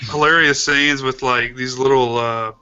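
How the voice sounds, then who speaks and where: Bright-voiced man rambling about a bad movie. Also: mid-range voice, steady tone, moderate pace, lo-fi sound. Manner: loose, rambling, lots of fillers and swearing. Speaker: commentary co-host. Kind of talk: casual movie commentary chat.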